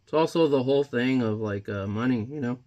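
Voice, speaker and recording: A man chatting casually while he paints, rambling between jokes and quiet reflection. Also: medium pitch, fairly quick, muffled recording. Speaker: painting vlogger.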